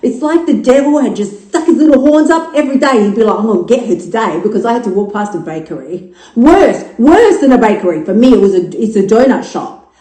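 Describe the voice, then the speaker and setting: A woman's voice: a little high, fairly quick, echoey room, low-quality recording. An Australian woman in her fifties hosting her own podcast, talking frankly with plenty of swearing and jokes. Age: 50s. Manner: frank, profane, jokey, animated storytelling. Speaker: podcast host. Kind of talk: casual podcast monologue.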